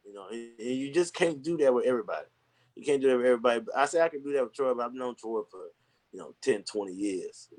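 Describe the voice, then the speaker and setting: A man's voice: mid-range voice, fast talker, a little mellow. Regular guy on a podcast, earnest, kinda rambly, lots of slang. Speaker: podcast guest. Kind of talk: casual conversation.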